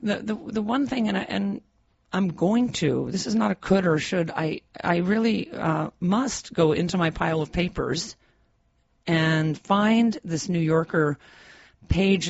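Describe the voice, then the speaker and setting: Husky middle-aged woman telling stories. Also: sits low, a little mellow. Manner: rambling storyteller with frequent restarts. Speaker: guest, founder of a community radio station. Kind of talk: casual radio interview chat. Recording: dull lo-fi radio recording.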